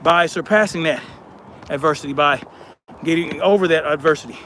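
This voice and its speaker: Male streamer, high voice, blunt casual talk to his chat, faint traffic noise behind. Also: bright, forceful tone. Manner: blunt, conversational, drawn-out emphasis. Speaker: live stream host. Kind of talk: casual live-stream chat reading comments.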